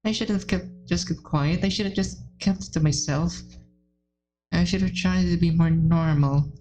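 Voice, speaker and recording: A woman reading aloud as a timid, anxious, self-blaming teenage girl in a visual novel game, in a low, mellow voice. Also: normal speed, faint music behind, natural voice, rough recording. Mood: distraught.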